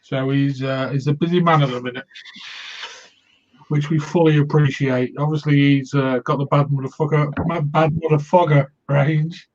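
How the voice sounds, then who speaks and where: A man's voice: fairly high pitch, steady tone, moderate pace, a little mellow. A man hosting a casual livestream chat, rambling with fillers and jokes over a video call. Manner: rambling, full of fillers, joking. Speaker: host. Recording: dull lo-fi call audio.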